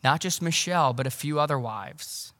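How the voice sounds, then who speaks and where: A man preaching a sermon as pastor, conversational and animated, with casual asides. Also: fairly high pitch, normal speed, in a large hall. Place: church.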